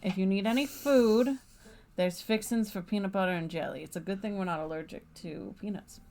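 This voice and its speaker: A woman's voice: medium pitch, a little fast, dark tone, lightly acted. A woman voicing a blunt, guarded young woman with a put-on Southern US accent, speaking in a curt, dry way.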